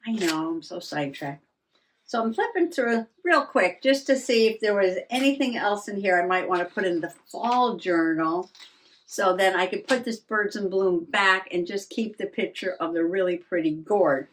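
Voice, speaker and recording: A woman's voice: medium pitch, animated, normal speed, a little hiss or hum. Older lady chatting casually while journaling, rambles, laughs at herself, bit winded. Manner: rambling, self-mocking, laughs often. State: out of breath. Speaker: journaling vlogger. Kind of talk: casual chat.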